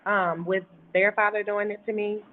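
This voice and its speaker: A woman's voice: medium pitch, flat delivery, moderate pace. A woman giving an earnest, emphatic personal account as a guest in a talk interview, speaking over a phone call. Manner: earnest and emphatic, retelling events at length. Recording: tinny phone line with faint hiss.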